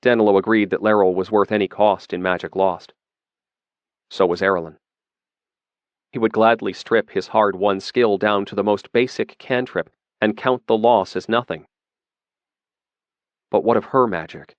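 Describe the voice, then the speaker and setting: A man reading a fantasy audiobook in a steady, measured narration. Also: fairly low pitch, no room sound, dull audio.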